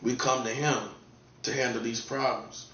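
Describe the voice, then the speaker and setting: A man's voice: medium pitch, flat delivery, moderate pace, bright, forceful tone, slight background noise. A man from North Carolina with a Southern accent, talking in a casual, laid-back, repetitive monologue with a warning tone. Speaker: online commentator. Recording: distant, echoey, dull lo-fi room sound.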